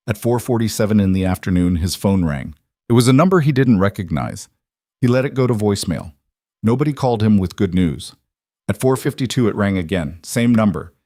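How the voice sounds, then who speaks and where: A man narrating a scripted story in a steady, plain manner. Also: on the low side, no echo, clean studio sound.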